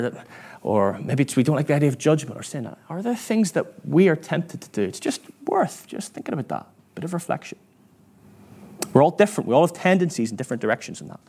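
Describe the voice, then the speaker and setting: A man's voice: a little high, a little mellow, husky. A man preaching a sermon in church, chatty and self-mocking, acting out quoted voices as he tells stories.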